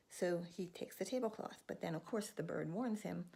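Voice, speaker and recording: A woman telling a folktale aloud in a lively, animated storytelling manner, with a gravelly, husky voice. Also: lowish voice, moderate pace, few pauses.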